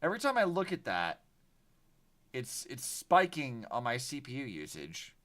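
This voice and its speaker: A man's voice: medium pitch, normal speed. A young man streaming a game, chatting casually and swearing freely as he reacts. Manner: animated, profane, talks to chat while playing. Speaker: vtuber streamer. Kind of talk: casual gaming livestream chat.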